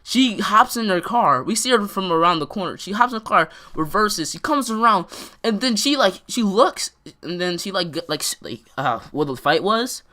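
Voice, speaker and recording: A man's voice: high voice, animated, normal speed, pushed and bright. A young man telling a story to the camera in casual vlog style, rambling with lots of filler words. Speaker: vlogger.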